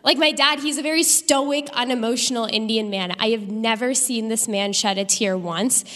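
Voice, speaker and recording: A young adult woman doing a stand-up comedy set on a theater stage, landing punchlines deadpan in an animated delivery. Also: a little high, moderate pace, long reverb tail. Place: theater stage with live audience.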